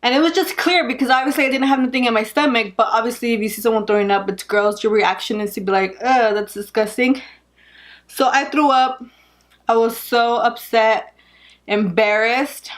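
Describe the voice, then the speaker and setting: Chatty young woman vlogging, slightly high voice. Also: normal speed. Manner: chatty, animated, laughs often, says "like" a lot. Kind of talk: casual storytelling vlog.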